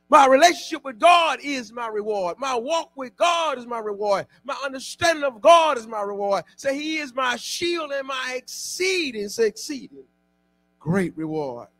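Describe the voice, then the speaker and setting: A male pastor preaching a sermon, calling on the congregation to repeat after him and often shouting. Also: very high voice, no echo. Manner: exhorting call-and-response preaching, often shouting.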